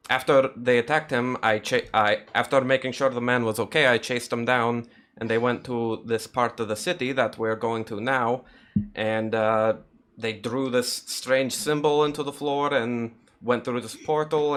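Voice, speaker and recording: Man doing earnest young prince, put-on Slavic accent, bright tone, polite and formal. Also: mid-range voice, lightly acted. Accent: attempted Russian or Slavic. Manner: polite, explanatory, slightly formal. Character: young male prince guide, earnest and helpful. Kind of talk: in-character tabletop role-play.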